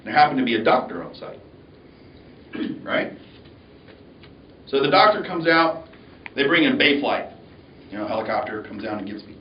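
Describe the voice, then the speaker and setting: A man giving a motivational speech, telling his story in an animated way and acting out the voices. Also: mid-range voice, normal speed, long pauses, a little hiss or hum. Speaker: motivational speaker. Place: university lecture hall. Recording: echoey, distant, dull hall recording.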